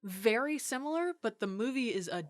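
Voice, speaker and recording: A woman's voice: fairly high pitch, expressive, a little fast, dry recording, studio quality. A woman co-hosting a casual podcast chat, laughing often and swearing freely. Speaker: podcast co-host.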